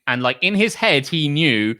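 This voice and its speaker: Animated man in podcast chat. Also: a little high, normal speed. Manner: animated, sweary, acts out quotes in mocking voices. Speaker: podcast co-host.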